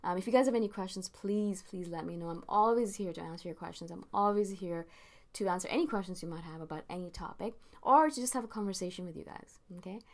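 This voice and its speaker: A woman's voice: fairly low pitch, quick pace. A woman vlogger talking to camera in an earnest, emphatic motivational monologue, repeating phrases for stress. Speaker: spiritual vlogger.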